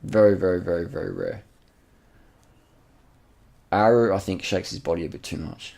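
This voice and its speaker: A man hosting a channel speaks at normal speed over race footage, his voice deep and gravelly. The delivery is relaxed and excited, full of repetition, slang, and casual cursing, as though he's talking to a pal.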